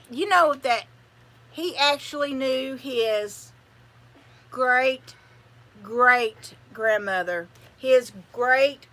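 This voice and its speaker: An older woman talks in a slow, easy drawl, wandering from thought to thought in folksy chat. Her voice sits a little high and comes across bright and lively. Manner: rambling, chatty, folksy. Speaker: channel host. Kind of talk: casual livestream chat.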